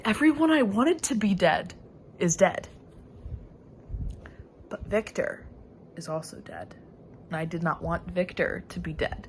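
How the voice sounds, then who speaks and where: A young woman talks through a novel as she reads it for her vlog, slow and drawn-out in her delivery. She mulls things over aloud, breaking into giggles, gasps and squeaky outbursts, with a faint hiss of noise behind her. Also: animated. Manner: thinking aloud, reacting to a book with giggles, gasps and sudden high exclamations. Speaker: book vlogger. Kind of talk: casual reading vlog.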